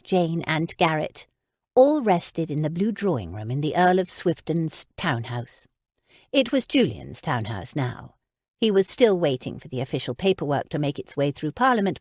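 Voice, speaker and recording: A woman narrating a historical romance audiobook in an expressive, measured manner. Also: lowish voice, no room sound, studio quality.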